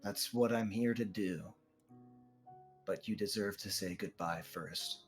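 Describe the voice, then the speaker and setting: A man voicing a calm, formal armored warrior who addresses others as sir. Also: on the low side, a little slow, soft background music, lightly acted. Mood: firm.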